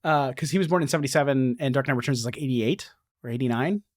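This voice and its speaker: An enthusiastic man hosting a casual podcast chat, his voice sitting at an ordinary middle pitch. He reads passages aloud eagerly. The sound is dry and close, with no room echo. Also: fast. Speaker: podcast host.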